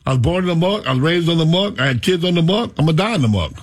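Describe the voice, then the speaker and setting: A man hosting a radio talk show, rambling and animated as he tells stories. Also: on the high side, rapid-fire, breathy edge. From Florida. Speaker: radio host.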